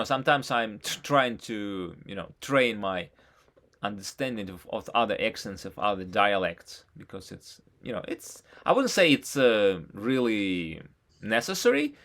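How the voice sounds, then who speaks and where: A man tutoring a student in he did not learn first, talking haltingly with many false starts and frequent questions. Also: mid-range voice, fairly bright tone. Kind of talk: casual one-on-one lesson talk.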